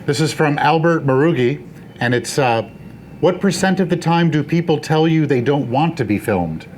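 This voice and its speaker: A man moderating a live event, briskly reading out an audience question to the speaker. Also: a little high, expressive, darkish tone, a little hiss or hum.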